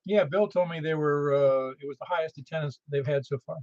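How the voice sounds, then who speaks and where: A man's voice: on the high side, brisk, a little mellow, no echo. A man hosting a ham radio net in a chatty, easygoing way. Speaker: net control host. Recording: muffled radio audio.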